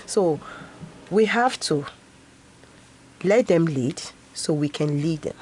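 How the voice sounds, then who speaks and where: A woman's voice: deep voice, expressive, slow, a little mellow, husky. A woman in her fifties, a guest in an interview, talking earnestly about education and often breaking into a laugh. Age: 50s. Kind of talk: casual interview talk.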